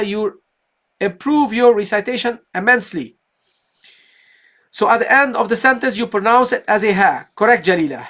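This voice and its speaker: A woman's voice: fairly high pitch, fairly bright tone. Patient woman teaching Quran recitation. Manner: explains step by step, often checks in with "okay, guys?"; asks and answers own questions. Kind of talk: live online tajweed lesson.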